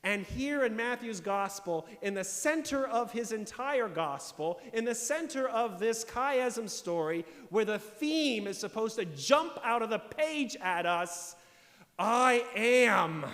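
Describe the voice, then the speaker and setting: A man's voice: high-pitched, sing-song, unhurried, few pauses, a bit bright, big-room sound. A man preaching a sermon as pastor, explaining scripture emphatically and posing rhetorical questions. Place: church sanctuary.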